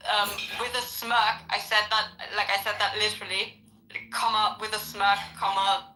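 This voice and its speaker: A woman chatting on a podcast with a lively, storytelling manner, laughing easily. Her voice is bright and forward. The room adds a noticeable echo. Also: mid-range voice, moderate pace, a little hiss or hum. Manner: animated, laughs while telling stories. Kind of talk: casual podcast conversation.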